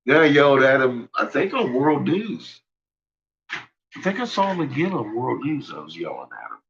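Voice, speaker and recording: A man's voice: medium pitch, very animated, normal speed, gravelly, fairly bright tone, dull audio. A man hosting a casual livestream, ranting with lots of swearing and frequent laughter. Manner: profane, laughs often, ranting. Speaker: livestream host. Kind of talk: casual rambling livestream talk.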